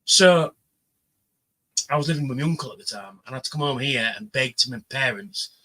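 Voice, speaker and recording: A man telling an animated story on a livestream panel, swearing freely and acting out the voices of the people he quotes. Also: medium pitch, a little fast, poor audio. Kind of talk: casual chat, storytelling.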